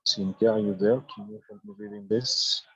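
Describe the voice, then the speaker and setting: Husky man teaching English. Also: on the low side, fairly even intonation, dry recording. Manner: explaining step by step, with halting restarts. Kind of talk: online grammar lesson. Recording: dull lo-fi dry sound.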